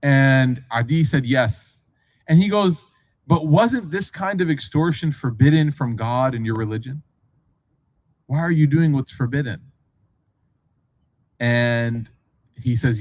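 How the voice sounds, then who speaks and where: Slowly and with frequent pauses, a man with a mid-range voice speaks on a dry, low-quality recording. A preacher, he animatedly tells a religious story in casual lecture fashion, acting out quoted voices and making many asides.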